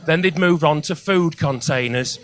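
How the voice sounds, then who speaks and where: A male stand-up comedian telling crude stories, loud and sweary, building to shouts. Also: on the high side, normal speed.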